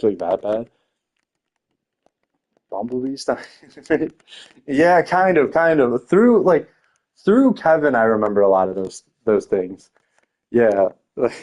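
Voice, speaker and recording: A man's voice: medium pitch, darkish tone, highs cut off. Young man telling loose profane stories. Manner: loose, profane storytelling with many fillers; frequent laughter. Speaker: teacher. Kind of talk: casual podcast chat.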